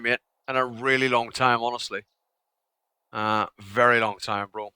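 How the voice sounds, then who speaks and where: A man's voice: medium pitch, fairly even intonation, unhurried, bright, forceful tone, clear, resonant tone, dry recording. A young man streaming a survival game live, chatting casually, swearing now and then, grumbling at the game and answering his chat. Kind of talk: live gameplay commentary.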